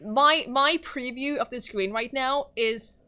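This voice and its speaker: A woman's voice: sits high, slow, pushed and bright, clear, resonant tone. A woman streaming a game live, talking playfully to chat, laughing often and yelping whenever her character gets hit. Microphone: microphone in front of her face.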